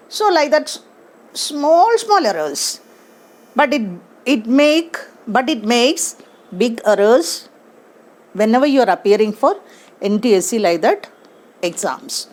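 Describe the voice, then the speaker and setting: Slow, lively teacher woman. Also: fairly high pitch. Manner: slow, emphatic, asks the class questions. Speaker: English teacher. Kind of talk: classroom grammar lesson.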